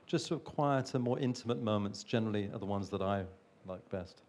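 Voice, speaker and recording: A man's voice: lowish voice, a little fast, darkish tone, a little hiss or hum. A man who works as a film producer, talking on a panel in a thoughtful, hesitant way with frequent restarts. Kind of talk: panel talk.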